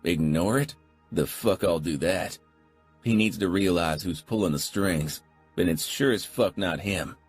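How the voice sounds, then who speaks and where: A man voicing a furious older male biker club president who snarls and barks orders in a husky voice. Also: sits low, measured pace, soft background music. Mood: snarling. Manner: snarling, barking orders, profane.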